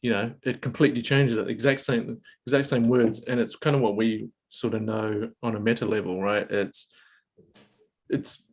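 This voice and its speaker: A man's voice: fairly low pitch, level tone, moderate pace, gravelly, a little mellow. A man hosting a casual group video call, talking thoughtfully with many fillers and restarts. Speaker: host. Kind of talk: casual panel discussion.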